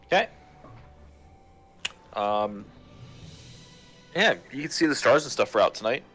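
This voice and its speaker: A man acting as game master, narrating a tabletop game in an easygoing, unhurried way on a live stream. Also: mid-range voice, lively intonation, fairly bright tone, soft background music.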